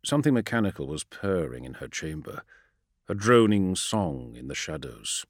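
Expressive male audiobook narrator. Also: very deep voice, moderate pace, dry recording, studio quality. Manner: expressive, dramatic storytelling. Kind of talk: scripted narration.

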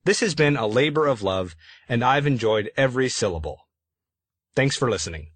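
A man reads his own afterword for an audiobook, bookish and playful in manner. His voice is husky and his pitch moves a lot. It is recorded close to the mic in a dry studio. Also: expressive, moderate pace, dry recording. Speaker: author reading his afterword.

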